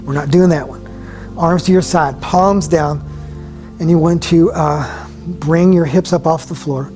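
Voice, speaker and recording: A man leading a yoga class, giving calm, slow step-by-step cues and often dropping his voice softly. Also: fairly high pitch, soft background music. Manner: calm, slow guiding cues with soft drops in volume. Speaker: yoga instructor. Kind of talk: guided yoga class instruction.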